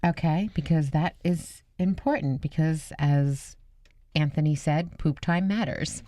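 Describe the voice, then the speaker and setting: A woman's voice: deep voice, mellow, no echo, studio quality. A woman co-hosting a radio show, bantering in a playful, teasing way. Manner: playful, teasing, quick to laugh along.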